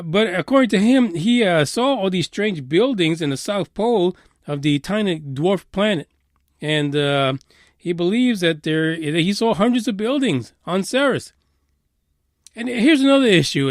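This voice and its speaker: Sarcastic, profane man with a high voice. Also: no room sound, clean studio sound. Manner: profane, sarcastic and combative, swinging loud and low. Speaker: podcast host. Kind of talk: ranting podcast commentary.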